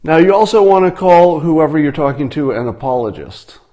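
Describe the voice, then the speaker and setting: A man giving a deadpan satirical monologue, mock-instructional and ironic in tone. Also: a little high, normal speed. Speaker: commentator.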